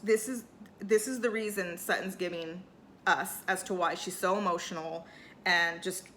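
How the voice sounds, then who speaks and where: A woman's voice: lowish voice, steady tone, normal speed, a bit bright, slight background noise. A woman giving a casual, chatty recap of a reality show, full of "like" and "you know", and acting out what the cast said. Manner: chatty, lots of "like" and "you know", acts out cast members' lines. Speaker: recap host.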